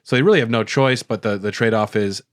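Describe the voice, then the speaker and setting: A man's voice: on the low side, fast talker, no room sound, clean studio sound. A man co-hosting a podcast, giving wry, opinionated takes on a movie. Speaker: podcast co-host. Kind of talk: casual movie discussion.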